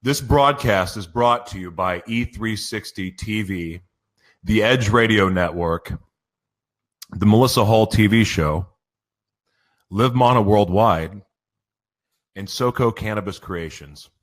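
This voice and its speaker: A man's voice: lowish voice, slow, long pauses. A man hosting a live radio show, giddy and emotional, stumbling over his intros with laughs. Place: broadcast studio.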